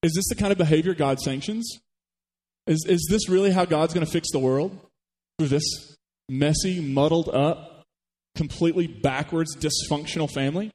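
A man preaching a sermon, retelling a story with animated rhetorical questions to the congregation. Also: fairly high pitch, moderate pace, in a large hall. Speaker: pastor. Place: church.

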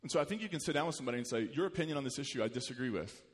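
A man preaching a sermon as pastor, animated, rising in pitch and volume when he quotes scripture. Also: rapid-fire. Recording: long hall reverb.

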